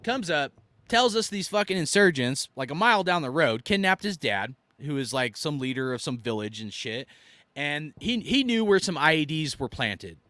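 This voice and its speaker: A man in his thirties tells army stories in a blunt, profane rant. His voice is bright and tense and jumps up and down in pitch. The sound is close and dry. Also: big pitch swings, moderate pace, no room sound. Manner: blunt and profane, swinging from loud outbursts to low asides. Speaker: army veteran commentator.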